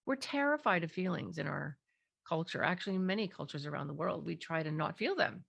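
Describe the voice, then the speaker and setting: A woman's voice: on the low side, animated, a little fast, creaky, fairly bright tone. A middle-aged woman, a parenting clinician, explaining techniques in an interview and animatedly acting out parent and child voices.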